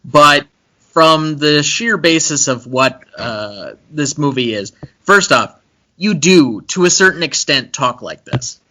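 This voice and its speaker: A man's voice: a little high, expressive, takes it slowly, pushed and bright. A young man co-hosting a casual movie-review podcast, chatty and analytical, with frequent fillers. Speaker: podcast co-host.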